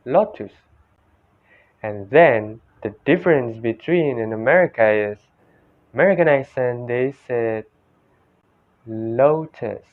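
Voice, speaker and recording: Young man, Indonesian accent, student presenter, slow careful delivery, phone-like audio. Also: medium pitch. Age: young adult. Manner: slow, repeats each example word several times. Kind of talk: classroom presentation comparing accents. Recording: tinny phone-like sound.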